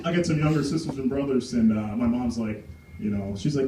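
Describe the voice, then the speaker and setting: A young man doing an open-mic stand-up set, rambling and crude, halting with fillers and chuckles. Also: mid-range voice, mellow. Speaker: stand-up comic. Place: small comedy club stage. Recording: roomy, distant mic with crowd noise. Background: crowd laughter and chatter.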